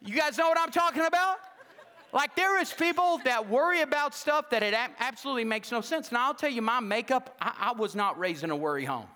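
Animated pastor with a bright, high voice. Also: male voice, fairly quick, big-room sound. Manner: jokey, animated, acts out quoted dialogue. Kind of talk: humorous sermon with storytelling. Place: church sanctuary.

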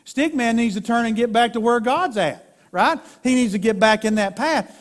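High-voiced folksy preacher. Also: male voice, moderate pace, few pauses. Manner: folksy preaching with stick-figure drawings, rising to emphatic peaks. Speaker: pastor. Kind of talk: sermon.

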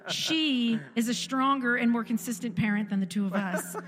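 Speaking at normal speed with a fairly high, fairly bright voice, this woman in her forties testifies emphatically from a church sanctuary as a guest speaker. Repeated phrases drive her points home, while the hall echoes and music plays.

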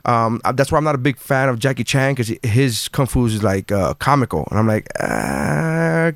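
A man's voice: medium pitch, expressive, moderate pace, no echo, studio quality. A man co-hosting a podcast in casual chat, rambling with lots of fillers and restarts and swearing freely. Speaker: podcast co-host.

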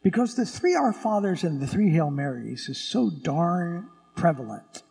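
Man, priest, unhurried homily, lively rising and falling pitch, long church echo. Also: vocal fry. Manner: slow, conversational preaching with frequent restarts.

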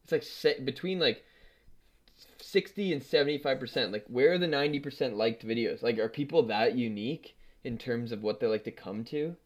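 Co-hosting a casual podcast, a man with a mid-range voice speaks fairly quickly. He keeps things loose and rambling, swearing along the way.

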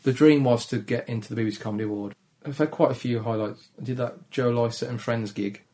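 A young man with a Dudley accent and a gravelly, deep voice, a comedian talking in a casual interview in a shy, low-energy way. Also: fairly even intonation, fast talker, mellow. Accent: Dudley, Black Country. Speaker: comedian guest.

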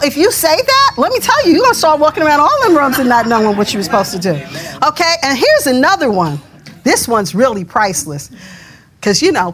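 A middle-aged woman delivers a sermon in a chatty, conversational manner. Her voice sits high and moves animatedly up and down. She drops into quoted asides as she preaches. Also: a bit bright.

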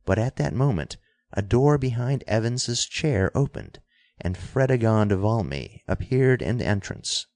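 A man reading an adventure novel aloud as narrator, in a steady, measured way. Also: mid-range voice, no room sound. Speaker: audiobook narrator. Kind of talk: scripted narration.

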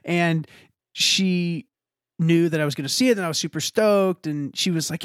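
Young man, fairly high voice, lively storyteller, dry sound. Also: moderate pace, no room sound. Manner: animated storyteller, acts out quoted voices with big pitch jumps. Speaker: podcast co-host telling a story. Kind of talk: casual chat.

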